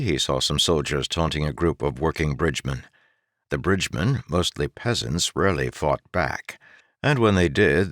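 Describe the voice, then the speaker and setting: Deep-voiced man reading an audiobook. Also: dry recording, studio quality. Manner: steady narration. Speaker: narrator.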